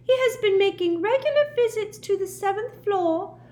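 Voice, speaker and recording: A woman voicing a small, devoted male house-elf with a squeaky, high, strained voice and formal address in an audiobook reading. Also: expressive, normal speed, a little mellow. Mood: earnest. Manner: formal, calls people sir. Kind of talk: audiobook character voice.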